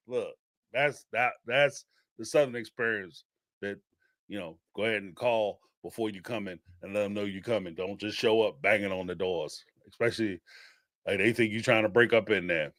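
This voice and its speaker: A man's voice: fairly low pitch, moderate pace, a bit bright, dry recording, studio quality. A man hosting a casual live-streamed reality TV recap, rambling and chatty with lots of fillers and laughter.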